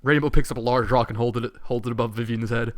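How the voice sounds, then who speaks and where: A man's voice: mid-range voice, fairly even intonation, quick pace, no room sound, clean studio sound. A man reading a fan story aloud, breaking off for amused, muttered asides. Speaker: fanfiction reader.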